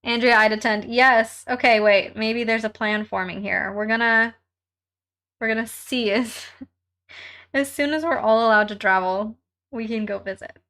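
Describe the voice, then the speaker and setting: A woman's voice: a little high, fairly even intonation, a little slow, fairly bright tone. A young woman hosting a casual live stream from home while crafting, chatting with viewers and reading their comments aloud in a bubbly way, laughing often.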